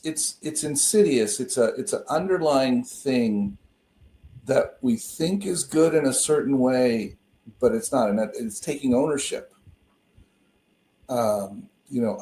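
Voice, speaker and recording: A man talking over a video call in a roomy space with a mellow, dark tone. He rambles through personal stories, restarting phrases often. The sound is echoey. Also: medium pitch, a little slow. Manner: rambling, self-interrupting storyteller. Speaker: co-host and minister. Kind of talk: casual conversation on a call.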